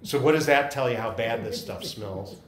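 A man in a mid-pitched voice leads a group Bible study and drifts into lively, chatty stories. The room has a clear echo around him. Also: moderate pace, a little hiss or hum. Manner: chatty, animated storyteller. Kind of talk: casual group chat with anecdotes. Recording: echoey room.

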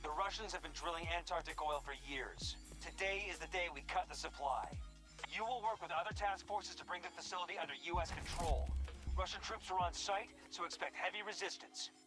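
A man plays a clipped, commanding briefing officer in a video game, giving orders in a high-pitched voice. Clear music sits under the lines. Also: brisk, natural voice. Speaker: in-game announcer. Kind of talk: scripted military briefing.

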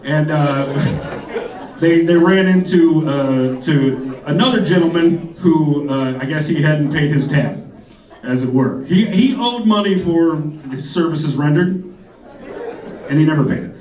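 A man's voice: fairly high pitch, measured pace, a little mellow. A man doing a stand-up set, telling rambling stories with laughs and putting on voices for the people in them. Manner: rambling storytelling with frequent laughs and mimicked voices. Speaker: stand-up comedian. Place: comedy club stage. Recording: echoey club, mic heard from a distance, crowd laughter. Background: audience laughter.

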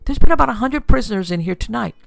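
A woman voicing a gruff, sardonic middle-aged male police sergeant with drawling wisecracks. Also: on the high side, expressive, quick pace, no echo, voice pushed up.

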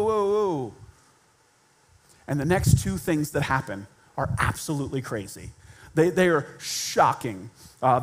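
Man preaching in church, lively and theatrical, voices the people in his stories. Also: a little high. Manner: animated, acts out quoted voices. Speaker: pastor. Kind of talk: sermon. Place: church sanctuary.

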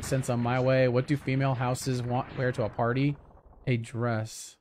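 A man's voice: medium pitch, flat delivery, normal speed, darkish tone, slight background noise. A man chatting casually with viewers during a game livestream, reacting to gameplay and reading chat aloud. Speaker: game streamer.

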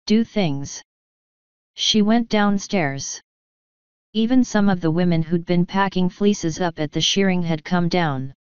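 A woman narrates a storybook in a slow, measured reading. Her voice is very clean and a touch low. The close, dry recording sounds a little dull. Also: clean tone, no echo. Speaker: audiobook narrator. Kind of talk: scripted narration.

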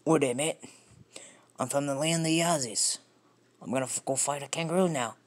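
A man's voice: medium pitch, animated, quick pace, darkish tone, lightly acted. A man doing a put-on Australian voice as a brash, boastful bloke. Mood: cheeky.

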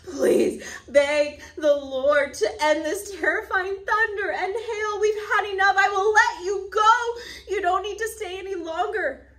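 A woman voicing a panicked male king who pleads in a high, wailing voice that is close to tears. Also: unhurried, a bit bright, recorded from a distance. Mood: pleading.

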